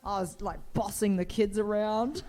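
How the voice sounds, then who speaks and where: A woman's voice: mid-range voice, steady tone, measured pace, mellow. A middle-aged woman telling rambling, playful anecdotes as a guest on a convention stage, laughing often as she talks.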